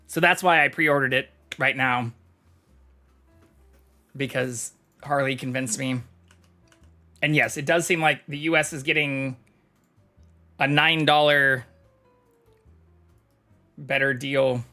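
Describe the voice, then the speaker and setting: A man's voice: mid-range voice, fairly even intonation, takes it slowly, long pauses, sharp tone, faint music behind. A man chatting casually on a live stream, reading chat aloud and swearing freely. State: talking with mouth full.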